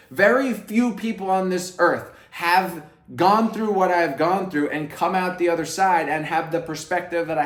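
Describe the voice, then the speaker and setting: A man talks straight to camera in a brash, profanity-laced storytelling style. His voice sits a little high for a man. He drops into hushed asides, then breaks into loud, emphatic bursts. The sound is roomy, with a clear echo around him. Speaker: vlogger.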